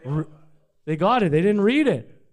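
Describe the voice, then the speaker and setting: A middle-aged man giving a casual live talk about his company to an audience, energetic and profane, with jokey asides. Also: high-pitched, normal speed. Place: event space in front of a live audience.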